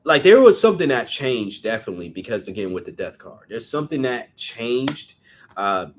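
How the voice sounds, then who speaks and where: A man's voice: medium pitch, very animated, moderate pace. A young man giving a casual tarot reading, chatty and rambling, who sometimes stumbles over his words. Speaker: tarot reader.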